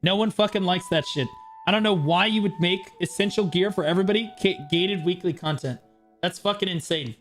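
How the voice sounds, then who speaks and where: A man's voice: high voice, a bit bright. A male game streamer giving frustrated, profane commentary on a live stream.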